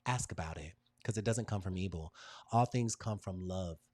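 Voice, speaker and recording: A man hosting a live workshop, leading a group through emphatic, repetitive motivational affirmations with emotional pauses. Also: low-pitched, darkish tone, no room sound. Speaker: host and design workshop leader.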